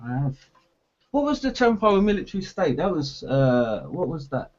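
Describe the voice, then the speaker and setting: A man's voice: fairly high pitch, big pitch swings, normal speed, a little mellow, muffled recording. Hesitant young man thinking aloud. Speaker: show guest. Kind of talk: casual chat.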